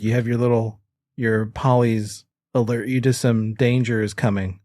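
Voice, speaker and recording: A man narrating as game master of a tabletop role-playing game, relaxed and chuckling as he describes the scene. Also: mid-range voice, normal speed, no echo, studio quality.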